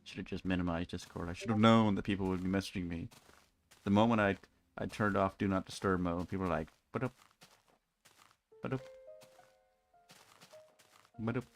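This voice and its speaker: Talking fast in a low, steady voice, a young man chats casually and wryly on a live stream as he games, wandering from thought to thought and often starting over. There's faint music behind him.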